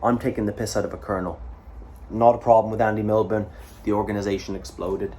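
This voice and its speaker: A man's voice: on the low side, level tone, fast talker, dark tone, slight background noise. A man from Canada telling a war story in a casual, rambling way, with swearing and frequent fillers. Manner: rambling, profane, full of fillers and asides. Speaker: vlogger.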